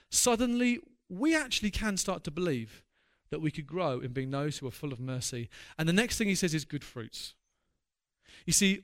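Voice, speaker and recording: A man preaching a sermon as a church pastor, earnest and building to passionate emphasis. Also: high-pitched.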